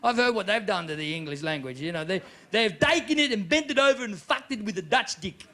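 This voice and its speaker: A man from Australia with an Australian accent, doing a live stand-up set in an animated, mocking, profane manner. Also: high voice, brisk, background noise. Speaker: stand-up comedian. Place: live comedy venue.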